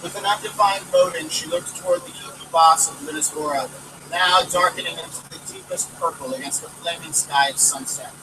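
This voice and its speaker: A man reading a story aloud in a lively, expressive way, recorded outdoors from a distance with street traffic behind. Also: on the high side, brisk. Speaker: volunteer reader. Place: outdoors near a city hall.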